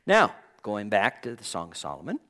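A man's voice: fairly low pitch, wildly swooping pitch, moderate pace, sharp tone. Earnest male preacher leading Bible study. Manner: earnest, emphatic, stretches key words.

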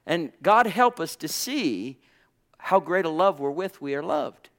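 A pastor preaching with fervent, drawn-out phrasing. His voice sits a little high for a man, and he breaks often into praise as he speaks to his congregation. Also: animated, fairly bright tone. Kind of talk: sermon. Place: church gathering.

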